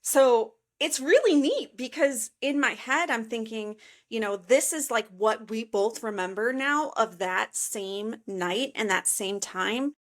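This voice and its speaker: A woman's voice: on the high side, unhurried. Woman from chicago suburbs telling travel stories on a podcast, lots of like and you know. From suburbs of Chicago, USA. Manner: animated storyteller, many fillers like "like" and "you know". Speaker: podcast guest, author. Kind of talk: casual interview chat.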